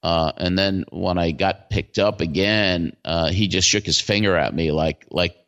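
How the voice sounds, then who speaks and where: A man in his sixties tells long stories as an interview guest. His voice sits low, and he talks in an animated way, with many fillers and restarts. The recording is dull and lo-fi. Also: measured pace. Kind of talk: casual storytelling interview. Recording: dull lo-fi sound.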